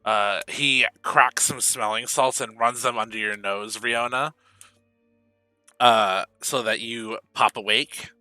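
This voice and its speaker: A man narrating as game master of a tabletop game, slow, with many fillers. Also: mid-range voice, fairly even intonation, sharp tone, no room sound, soft background music.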